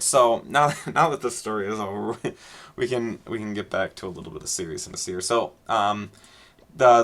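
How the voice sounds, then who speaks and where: A man's voice: fairly low pitch, a bit bright. A man casually telling a long, rambling story and talking over his gameplay, with many fillers and restarts. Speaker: gaming video creator.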